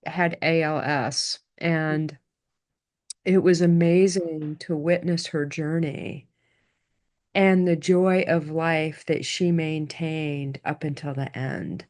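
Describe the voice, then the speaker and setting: A woman's voice: low voice, steady tone, slow pace, a little mellow. A woman hosting a podcast conversation, speaking reflectively and often trailing off mid-sentence. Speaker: podcast host. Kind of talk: casual chat.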